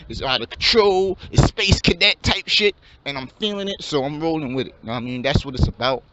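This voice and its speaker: A man with a natural, slightly high voice speaks briskly as he plays a laid-back young dreamer in a comedy skit, mumbling drawled slang. The lo-fi recording sounds dull and carries a faint hum.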